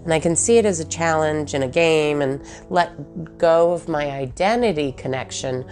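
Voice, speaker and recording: A woman's voice: deep voice, moderate pace, darkish tone, soft background music. A woman thinking aloud in a reflective personal monologue, with many fillers and questions to herself.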